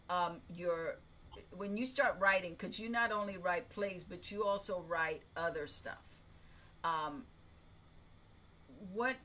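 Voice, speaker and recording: A woman interviewing a writer, asking halting questions with many restarts. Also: mid-range voice, sharp tone.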